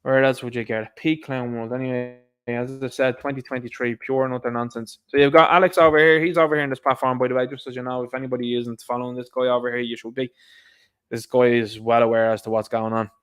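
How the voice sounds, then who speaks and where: Irish male host, mid-pitched, sardonic, rambling ranter, casual delivery. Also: flat delivery, fast talker, a bit bright, clear, resonant tone. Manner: sarcastic, rambling, with asides. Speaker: commentary show host. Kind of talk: casual opinion commentary.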